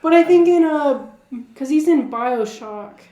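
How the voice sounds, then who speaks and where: A woman's voice: sits high, lively intonation, a little slow, mellow, dull audio. A woman co-hosting a podcast in casual chat, giggling often and filling with "like". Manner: giggly, heavy use of "like" fillers. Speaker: podcast co-host. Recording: roomy echoey room.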